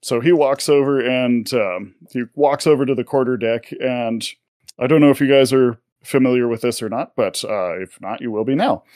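A man's voice: medium pitch, moderate pace, a little mellow, no room sound. Man, game master, chatty narration, dry close sound. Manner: chatty, explains at length with fillers.

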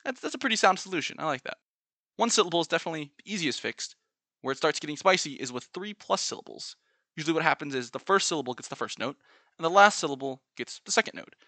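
A man's voice: on the high side, lively intonation, quick pace, sharp tone, no room sound. A man giving an earnest, playfully analytical explanatory monologue, breaking into short sung examples. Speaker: video essayist.

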